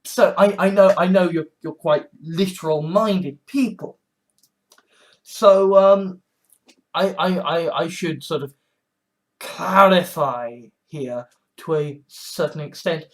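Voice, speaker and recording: Slow, halting young man. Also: sits high. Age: 20s. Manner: halting, many restarts, sardonic. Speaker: vlogger. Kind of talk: rambling vlog monologue.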